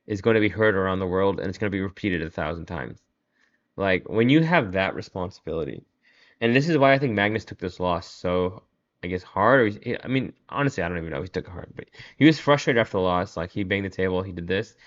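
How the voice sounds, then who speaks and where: A man's voice: sits low, lively intonation, brisk, muffled recording. A man hosting his own podcast, talking casually and at length, rambling with lots of "like", frustrated and laughing often. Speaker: podcast host. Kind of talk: casual solo podcast monologue.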